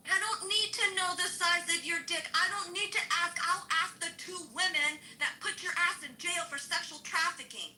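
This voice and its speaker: A woman's voice: very high-pitched, normal speed, hardly any pauses, bright, forceful tone, slight background noise, rough recording. A middle-aged woman in a heated, sarcastic, swearing rant to a social audio room.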